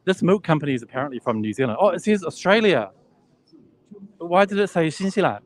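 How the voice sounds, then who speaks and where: A man's voice: fairly high pitch, sing-song, fast. A man giving a casual live walking tour of a huge indoor expo hall. He chats, laughs easily and thinks aloud while filming on a handheld phone. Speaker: vlogger touring an expo.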